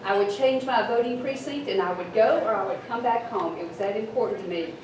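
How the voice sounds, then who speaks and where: A woman in her fifties with a deep Southern accent, telling a story on stage in a formal, earnest way. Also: fairly quick. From Mississippi. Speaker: storytelling contestant. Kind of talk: live storytelling. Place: event hall with audience. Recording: echoey hall, distant mic, noisy.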